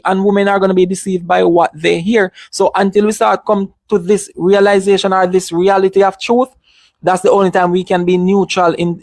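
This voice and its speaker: A man's voice: sits high, dry recording. A man in casual discussion, speaking emphatically, repeating his points and restarting often.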